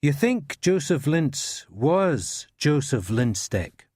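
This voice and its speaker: A man's voice: fairly high pitch, very animated, takes it slowly, a little mellow, slightly rough, dry recording, full character voice. A man doing a blunt, probing police detective. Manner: probing, dry politeness. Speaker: police interrogator.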